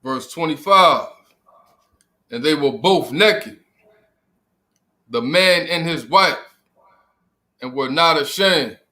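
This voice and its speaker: A man's voice: on the high side, slow, pauses often, pushed and bright. A man reading scripture aloud in a class and chiming in with agreement.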